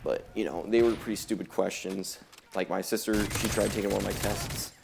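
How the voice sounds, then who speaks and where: Young male gameplay commentator, low-pitched and gravelly, loose rambling delivery with loud gunfire underneath. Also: fairly even intonation, fairly quick, background noise. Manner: rambling, laid-back, heavy on filler words. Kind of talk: casual chat over gameplay. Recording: loud gunfire from game audio behind voice.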